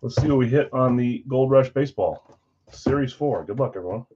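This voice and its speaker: A man's voice: mid-range voice, fairly quick, dark tone, slight background noise. Casual man hosting a live card break. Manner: casual, thinking aloud, upbeat countdowns. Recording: dull lo-fi stream audio.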